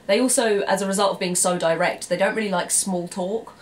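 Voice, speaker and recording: A woman's voice: mid-range voice, a little fast, few pauses, slight background noise. A young English woman vlogging, telling stories casually to camera, laughing often and acting out her own reactions. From England. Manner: chatty, laughs often, acts out quoted reactions.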